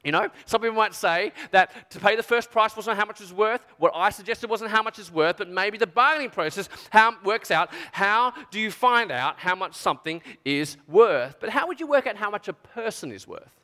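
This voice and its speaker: A man giving an animated storytelling talk to an audience, full of chatty asides. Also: high-pitched, normal speed, few pauses, in a large hall. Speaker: speaker addressing an audience.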